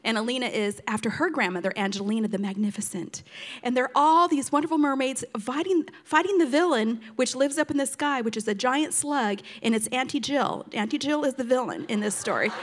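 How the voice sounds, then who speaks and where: An older woman, a grandmother, telling family stories in a casual, animated way, often laughing and slipping into playful quoted voices. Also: high-pitched, brisk. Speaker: storyteller grandmother. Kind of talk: casual storytelling to an audience.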